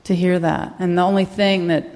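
A woman from Mississippi, a comedian, telling a personal story on stage in a halting, candid, quietly emotional way. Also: on the low side, flat delivery. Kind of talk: stand-up storytelling monologue.

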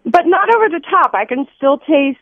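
Lady caller rambling on, a bit high, muffled phone sound. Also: moderate pace, dry recording. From Southern United States. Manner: chatty, excited, rambling. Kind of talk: phone-in chat. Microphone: telephone. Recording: dull phone line.

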